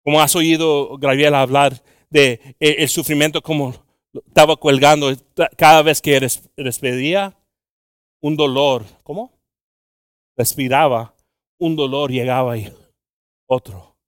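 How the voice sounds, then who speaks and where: A male preacher delivering a bilingual sermon, moving from quiet, halting, intimate talk to loud, slow, drawn-out scripture reading. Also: a little high, steady tone, clean tone, dry recording, clean studio sound. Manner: halting, with frequent fillers and restarts.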